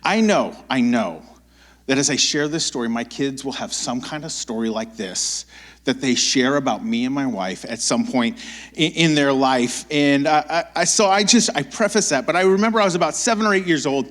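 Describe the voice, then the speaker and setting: A man in his thirties preaching in a church, telling a childhood story with lively acted-out voices and frequent restarts. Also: medium pitch, normal speed. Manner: animated, acts out quoted voices, many restarts. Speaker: pastor. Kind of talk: storytelling sermon.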